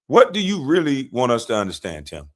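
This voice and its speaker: A man's voice: mid-range voice, wildly swooping pitch, a little fast. Fired-up man ranting on a livestream. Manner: combative, mocking, talks back to clips. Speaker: livestream commentator. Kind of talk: heated political commentary livestream.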